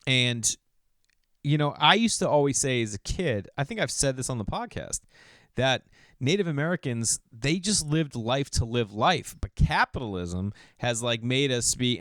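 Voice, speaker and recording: A man's voice: mid-range voice, a bit bright, clear, resonant tone, no echo, studio quality. A middle-aged man hosting a podcast, telling loose, digressive comedic stories in a solo monologue. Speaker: podcast host.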